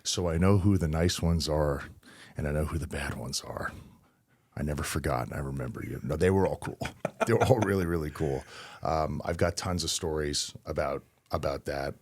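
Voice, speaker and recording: A man in his thirties, a wrestler and interview guest, telling stories in a relaxed, anecdotal way with laughs between lines. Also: extremely low pitch, moderate pace, breathy edge. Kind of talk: casual interview storytelling.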